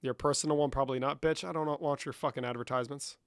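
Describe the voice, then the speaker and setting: This is a casual live-stream chat where a young man answers chat questions aloud, bantering profanely and jokingly while moving between Spanish and English. He talks fast in a steady, mid-range voice, recorded dry at studio quality.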